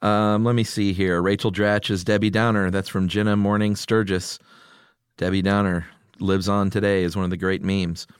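A man's voice: low-pitched, little pitch movement, moderate pace, clean tone, no room sound, clean studio sound. A middle-aged man hosting a podcast in casual chat, reading listener picks aloud and laughing often. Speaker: podcast host.

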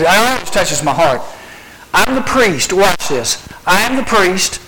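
A man's voice: high voice, a bit bright, poor audio. Dramatic man preaching to youth. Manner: dramatic storytelling with rhetorical questions; acts out scenes with a live demonstration. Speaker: youth speaker. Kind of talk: youth sermon.

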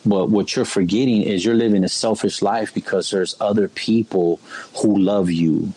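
A man's voice: on the low side, fairly even intonation, moderate pace, mellow, husky, dry recording, poor audio. A young man telling his life story in a casual, slangy way, keeps saying "bro". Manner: laid-back street slang, keeps saying "bro" and "you know what I mean". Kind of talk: casual spoken testimony.

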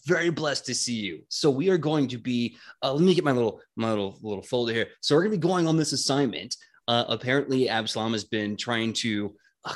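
A man voicing a laid-back male religion teacher who talks like a surfer, calling everything righteous and blessed. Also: mid-range voice. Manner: easygoing, keeps saying righteous and blessed.

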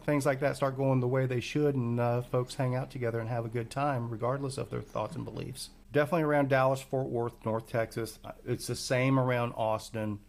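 A man hosting a podcast over a remote call, asking questions in a casual, halting way with restarts. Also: mid-range voice. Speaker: podcast host. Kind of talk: casual chat.

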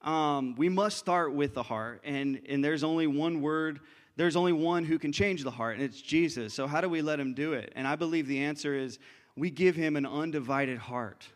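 A man's voice: fairly high pitch, moderate pace. A young man preaching a sermon as pastor, earnest and conversational, often restarting his sentences.

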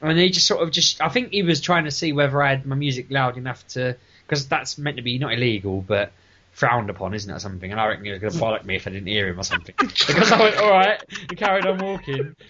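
A man co-hosting a podcast, telling stories in a casual, animated way and swearing freely. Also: medium pitch, fast. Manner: animated, swearing, laughing through his stories. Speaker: podcast co-host. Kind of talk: casual storytelling chat. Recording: dull lo-fi podcast recording.

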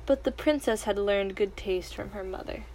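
A woman reading a storybook aloud, expressive and lively, with a mid-range voice. She narrates in an animated way. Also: mid-range voice, normal speed, rough recording.

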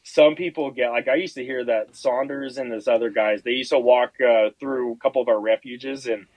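A husky-voiced man tells a story in loose, casual podcast chat. He swears freely and acts out each line of dialogue with lively energy. The sound is close and dry, with no room around it. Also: medium pitch, moderate pace, no room sound, poor audio. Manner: animated, profane, acts out quotes. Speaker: podcast guest.

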